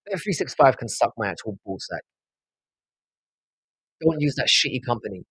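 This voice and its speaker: A man with a South London accent chats loosely on a live stream, swearing freely and wandering between topics. His voice is husky and slightly rough. The sound is dry and close, with almost no room echo. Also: medium pitch, big pitch swings, moderate pace, a bit bright. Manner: rambling, profane banter, answers viewers' chat. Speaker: livestream host. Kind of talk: casual live-stream chat.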